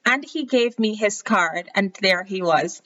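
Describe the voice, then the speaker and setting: A woman's voice: mid-range voice, animated, measured pace, fairly bright tone, muffled recording. A woman hosting a podcast, telling her own career story in a reflective way, often restarting her sentences. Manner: reflective, with frequent restarts and quoted inner thoughts. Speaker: podcast host. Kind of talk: personal storytelling monologue.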